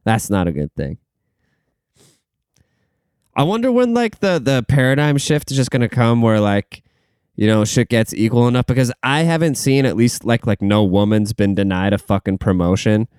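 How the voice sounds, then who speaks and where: A man's voice: lowish voice, lively intonation, normal speed, darkish tone, clear, resonant tone, no echo, studio quality. A young man hosting a podcast, rambling and swearing through casual stories, laughing at himself and saying he is tired. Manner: rambling, profane, laughs at his own stories. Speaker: podcast host.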